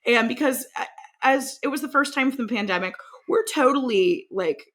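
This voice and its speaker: A woman's voice: a little high, animated, normal speed, fairly bright tone. A woman tour manager, likely in her thirties, telling a story in casual chat, swearing freely and laughing mid-sentence.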